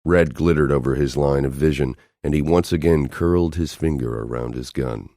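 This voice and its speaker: A man's voice: rumbling low, normal speed, dark tone, no room sound. A man narrating a romance audiobook in an intense, dramatic way on a close studio mic. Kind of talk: scripted narration.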